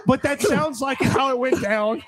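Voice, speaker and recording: A man with a notably high voice tells a story on a casual sports talk show. He co-hosts and talks with animation, acting out both sides of the conversation. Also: a little slow, a bit bright. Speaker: co-host. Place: live show at a restaurant.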